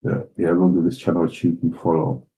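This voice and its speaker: A man hosts a loose, chatty commentary, reacting to clips and laughing along. His voice sits low and dark, mellow rather than bright. He swears casually and keeps it relaxed. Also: fast talker, low-quality recording. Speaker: host reacting to videos.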